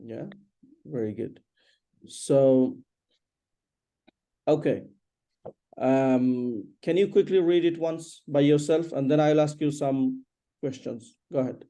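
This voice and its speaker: A woman's voice: a bass voice, takes it slowly, long pauses, mellow. A woman teaching an English lesson, patiently correcting pronunciation and having her student repeat sentences. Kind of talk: one-on-one language lesson.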